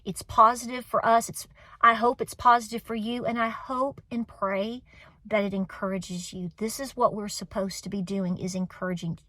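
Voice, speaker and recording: A woman's voice: medium pitch, fairly even intonation, normal speed, bright, forceful tone, no echo. A woman in her forties with a Southern US accent, hosting a homestead vlog, talking to her viewers in an earnest, emotional, encouraging way, close to tears and repeating phrases for emphasis. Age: 40s. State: tearful. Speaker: homestead channel host. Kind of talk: heartfelt vlog talk to viewers.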